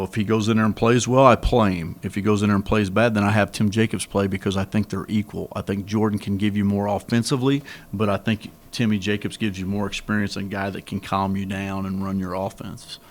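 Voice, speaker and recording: A middle-aged man, a head basketball coach, answering reporters at a press conference in a candid, rambling way with many restarts. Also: lowish voice.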